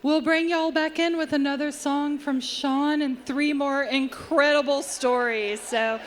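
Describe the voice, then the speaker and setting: A woman's voice: high-pitched, steady tone, measured pace. A woman hosting a stage show, effusive and folksy. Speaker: event host. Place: theatre stage.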